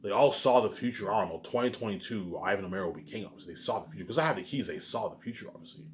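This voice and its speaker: Male vlogger with a lowish voice and a rapid delivery. Delivers a heated, profane, repetitive monologue full of restarts. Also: expressive. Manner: repetitive, profane, keeps asking "you know what I'm saying"; heated, restarts and stammers often. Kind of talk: rambling personal monologue.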